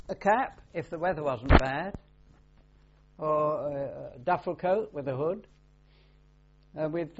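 An older naval veteran answers oral history interview questions with dry humor. His voice is a little high, and the dull lo-fi recording carries a slight hiss or hum.

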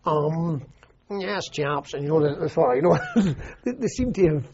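A man's voice: fairly high pitch, sing-song, fairly quick, warm tone, a little hiss or hum. An older Scottish man, an army veteran, recalling his service in a rambling, anecdotal oral history interview full of "you know" and restarts. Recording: muffled lo-fi recording.

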